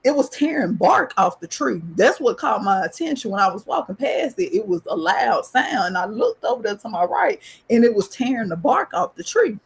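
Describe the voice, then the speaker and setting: A woman from the US South with a Southern accent, hosting a podcast and telling a personal story in a casual, animated, profane way. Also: normal speed, creaky, few pauses, slightly rough. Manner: animated, profane, rising pitch in excitement. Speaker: podcast host.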